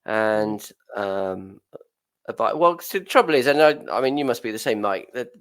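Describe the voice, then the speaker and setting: A man's voice: on the low side, lively intonation, normal speed, a bit bright. A man co-hosting a podcast, easygoing and teasing in casual chat. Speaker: podcast co-host.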